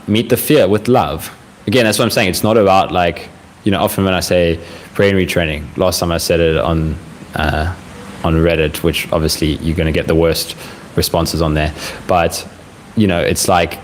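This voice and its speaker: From his home, a young man with a deep voice hosts a casual live Q&A, answering viewer questions in a gentle, reflective manner. He speaks in unhurried phrases packed with fillers. The recording is low quality, and a fan runs faintly in the background.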